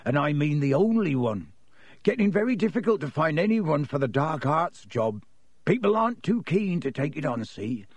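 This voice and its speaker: A man doing a gruff hearty giant gamekeeper. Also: fairly high pitch, big pitch swings, moderate pace, no room sound, pitched above the performer's own voice. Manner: growling, hearty.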